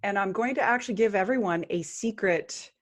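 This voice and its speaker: A woman speaking as a guest on a podcast in an earnest spiritual interview, at times chanting mantras slowly. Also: mid-range voice.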